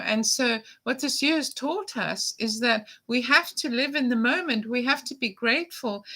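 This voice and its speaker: A woman's voice: a little high, sharp tone. A woman in her fifties hosting a live perfume stream from home, talking in a heartfelt, reflective way and reading viewer comments aloud. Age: 50s. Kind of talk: casual live-stream chat. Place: home room with a window open.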